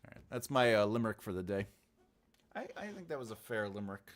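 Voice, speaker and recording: A man's voice: lowish voice, big pitch swings, fast. A man hosting a writing channel livestream, casually chatting and teasing viewers in a playful, giggly way.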